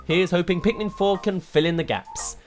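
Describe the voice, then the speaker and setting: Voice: medium pitch, normal speed, soft background music. A game reviewer giving a rambling, exasperated video review, full of rhetorical questions.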